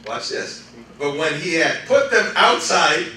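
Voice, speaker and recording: A man preaching a sermon as pastor, animated and laughing often, swinging between loud exclamations and quiet storytelling. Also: on the high side, unhurried. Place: church sanctuary. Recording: echoey church hall, mic from far off, congregation responding. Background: congregation calling out responses.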